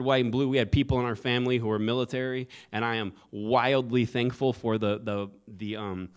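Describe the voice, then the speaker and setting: A man preaching a sermon in a conversational way, with joking asides to the congregation. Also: medium pitch. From American South. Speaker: pastor.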